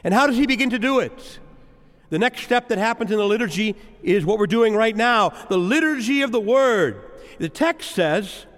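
A man preaching a sermon as a priest, with rhythmic, repetitive phrasing and dramatic pauses. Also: sits high, animated, a bit bright, long reverb tail. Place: church.

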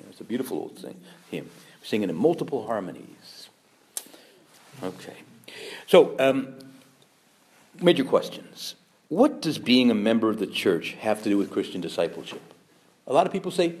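A man giving a Catholic parish talk, animated and humorous, firing rhetorical questions at the audience and acting out the objections people raise. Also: lowish voice, moderate pace, long pauses. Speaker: Catholic speaker.

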